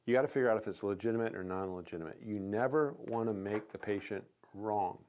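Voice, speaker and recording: A man's voice: lowish voice, fast, darkish tone. A middle-aged man giving casual coaching on sales, telling stories and acting out quoted lines with animation. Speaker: chiropractic sales consultant.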